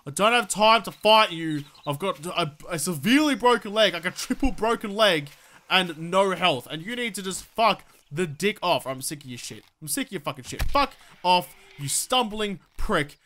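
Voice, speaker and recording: A man's voice: high voice, animated, moderate pace, sharp tone. A man giving let's play commentary, swearing constantly and ranting in exasperation while talking back to game enemies. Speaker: gaming video creator.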